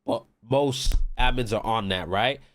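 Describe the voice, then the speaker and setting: A man's voice: fairly low pitch, a little slow, fairly bright tone. Podcast guest: casual, rambling male storyteller with many fillers. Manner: rambling, lots of "like" and "whatever".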